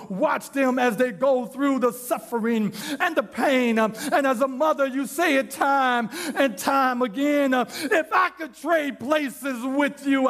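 A man preaching a sermon in an impassioned, shouting delivery. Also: extremely high pitch.

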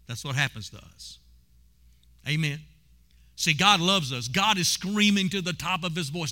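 High bright preacher guy, punchy and intense, calls on the church to answer back. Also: unhurried, pauses often. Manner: preaching with call-and-response, rising to shouts. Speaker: pastor. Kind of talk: sermon.

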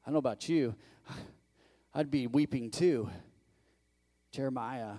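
Speaking a little slowly, a male pastor preaches conversationally, asking his congregation questions. He voices the quotations dramatically and moves between loud bursts and soft, low asides.

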